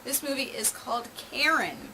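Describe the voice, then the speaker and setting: A woman's voice: high voice, sing-song, normal speed, noisy background. A woman hosting her own movie review channel, chatty and openly sarcastic. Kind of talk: casual video review.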